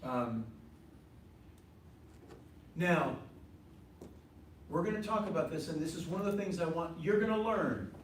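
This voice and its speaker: A man's voice: a little high, lively intonation, unhurried, pauses often. Male ministry teacher, conversational class talk; heavy room echo, faint background noise. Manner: conversational, repeats points, asks the class questions. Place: meeting room with a group. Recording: very echoey room from far off.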